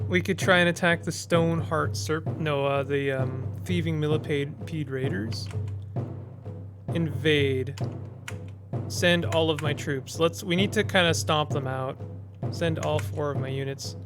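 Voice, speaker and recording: A man's voice: on the high side, steady tone, measured pace, music in the background. A man casually commenting as he plays a text-based strategy game, reading its text aloud and thinking through his moves with small hesitations.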